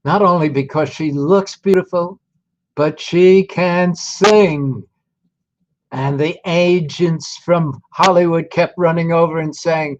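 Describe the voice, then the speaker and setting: A man in his nineties, a veteran telling his life story to an audience in a slow, deliberate, folksy way. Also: a little high, fairly even intonation, highs cut off. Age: 90s.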